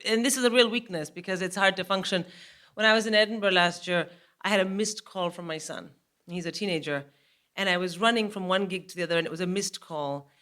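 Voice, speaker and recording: A woman in her forties, a guest comedian on a live stage, telling an animated story and laughing as she goes. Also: on the low side, fairly quick.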